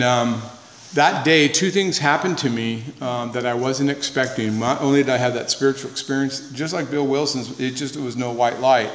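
A man speaking at a recovery meeting, giving an earnest, conversational personal testimony, repeating words for emphasis, with wry humor. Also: mid-range voice. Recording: echoey hall with faint noise.

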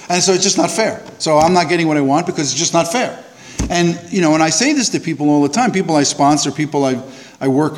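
A man sharing at a recovery meeting, telling a self-mocking, animated story that rises loud and high at the funny parts. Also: long reverb tail. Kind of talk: storytelling share.

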